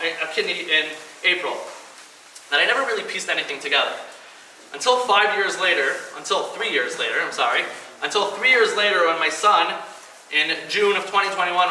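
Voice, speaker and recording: Guy in his 30s telling his story to a crowd, high bright voice, echoey hall, mic a bit far off. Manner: earnest storytelling, acts out quoted voices. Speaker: speaker at a kidney donation event. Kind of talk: personal speech to an audience. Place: event hall. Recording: echoey hall, mic at a distance, faint noise.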